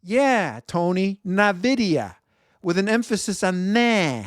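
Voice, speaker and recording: Man, Chicago accent, investment show host, high voice, casual market commentary. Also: normal speed, no room sound, clean studio sound. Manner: conversational, reads viewer feedback, self-correcting.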